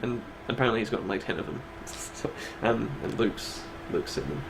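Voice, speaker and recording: Gravelly, laid-back male co-host. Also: lowish voice, normal speed, background noise. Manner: laid-back, laughs often, reads out lists. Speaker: stream co-host presenting awards. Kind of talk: casual chat.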